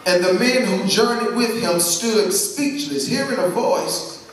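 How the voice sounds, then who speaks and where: Echoey preacher man reading slowly. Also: sits high. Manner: call-and-response, drawn-out emphatic reading. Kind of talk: sermon with scripture reading. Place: church sanctuary. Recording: very echoey church, mic at a distance.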